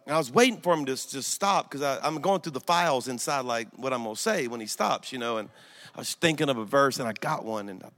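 A man from Louisiana preaching a storytelling sermon in church, swinging from hushed retelling to loud, excited bursts. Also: mid-range voice. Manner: animated, swings from hushed to shouting, laughs at own story. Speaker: guest preacher.

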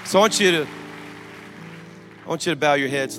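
A man from Louisiana preaching a storytelling sermon in church, swinging from hushed retelling to loud, excited bursts. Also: on the high side, brisk, pauses often, over music. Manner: animated, swings from hushed to shouting, laughs at own story. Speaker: guest preacher.

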